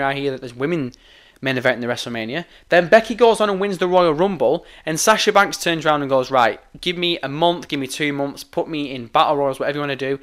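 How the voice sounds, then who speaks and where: A man's voice: on the high side, fairly bright tone. Heated man ranting. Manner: heated, emphatic, frequent swearing. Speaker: wrestling commentator. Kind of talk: opinionated rant.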